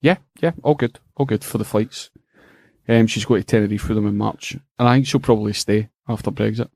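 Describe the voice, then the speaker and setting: A man's voice: lowish voice, brisk, creaky, no room sound. Sweary Scottish man telling a story. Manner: animated, profane, laughing through the story. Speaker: podcast co-host. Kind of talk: casual storytelling chat.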